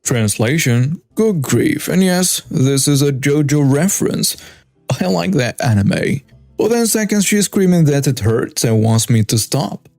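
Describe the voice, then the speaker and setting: A man reads a first-person story aloud in a lively, up-and-down voice, with wry asides. His voice sits a little high, and the recording is dry and close, with soft music running underneath. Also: measured pace, creaky, no echo. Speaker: story narrator.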